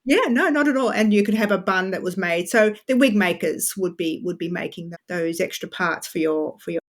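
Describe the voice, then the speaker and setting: A woman author, a podcast guest, explaining history in a chatty, animated way with frequent asides. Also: on the low side, fairly quick. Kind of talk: podcast interview.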